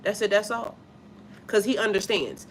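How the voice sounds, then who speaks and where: Blunt, emphatic, and heavily profane, an adult woman with a child, a spiritual life coach, talks on a casual live stream and stops to read comments from viewers. She speaks at medium pitch and normal speed, with slight background noise.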